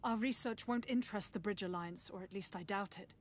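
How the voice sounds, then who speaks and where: A woman's voice: mid-range voice, a little fast, lightly acted. A woman voicing a fleeing female scholar in video game dialogue, earnest and pleading.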